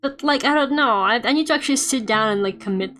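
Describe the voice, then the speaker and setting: A woman's voice: fairly high pitch, fast. A young woman streamer chatting casually and playfully while she draws, with lots of fillers and joking rants. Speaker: streamer and artist. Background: quiet game music playing.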